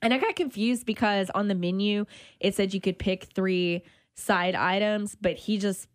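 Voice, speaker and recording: A woman's voice: mid-range voice, moderate pace, no room sound, studio quality. Chatty woman radio host on food. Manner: chatty, animated about food, self-conscious laughs. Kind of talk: casual radio chat. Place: radio studio.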